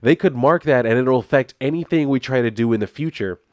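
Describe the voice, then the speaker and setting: A man's voice: on the low side, normal speed, darkish tone, no room sound, natural voice. A man voicing an angry husband caught in debt, defensive and scolding as he reads a comic aloud. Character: angry cornered middle-aged husband in debt.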